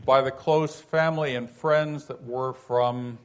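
Slow, folksy preacher man. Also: mid-range voice, steady tone. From California. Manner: unhurried, folksy, frequent "you know" asides. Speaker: Bible teacher. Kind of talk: conversational sermon.

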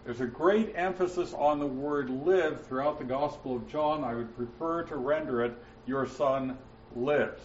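A man teaching verse by verse through a Bible passage, with frequent "uh" fillers and slowing down to stress quoted words. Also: on the high side, a little hiss or hum. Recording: roomy, muffled, mic at a distance.

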